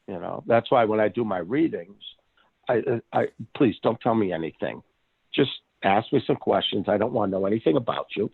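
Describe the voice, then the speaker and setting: A man who works as a psychic medium chats casually as a podcast guest, an animated storyteller who restarts his sentences a lot and laughs often. His voice is lowish with vocal fry and a breathy edge, at normal speed, heard over a tinny, dry phone line.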